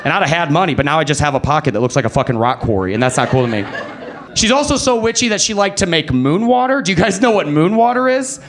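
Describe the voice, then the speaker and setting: Animated young stand-up comic on stage. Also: male voice, quick pace, crowd noise. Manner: animated storytelling, acting out quotes with pitch jumps. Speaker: stand-up comedian. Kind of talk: stand-up comedy set. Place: comedy club stage before a live audience.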